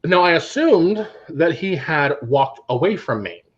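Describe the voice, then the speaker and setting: A man, a drag queen co-host, telling sassy, animated anecdotes in casual chat. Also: on the high side, a little slow, husky, dull audio.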